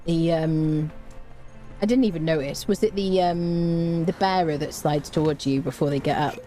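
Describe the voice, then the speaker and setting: She's a British game streamer with a low voice at a moderate pace, heard over soft background music and faint noise. Chatty and animated, she reads chat aloud and goes on lively rants.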